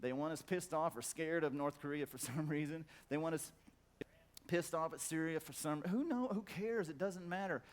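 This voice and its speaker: A middle-aged man giving a profane conference talk, blunt and emphatic, stacking repeated words for effect. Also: moderate pace. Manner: acts out quoted voices in a loud high squawk. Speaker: conference speaker. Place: conference hall.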